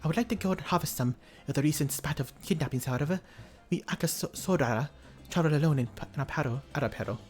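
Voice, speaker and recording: A man's voice: fairly high pitch, fast, few pauses, a little mellow, lightly acted. A man reading a polite tribeswoman's game lines aloud in a put-on accent, stumbling over some words.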